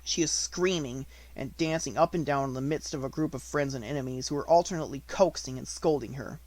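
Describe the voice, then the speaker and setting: A man narrating a children's classic in an even, measured reading. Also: medium pitch. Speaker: audiobook narrator. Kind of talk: unabridged audiobook reading.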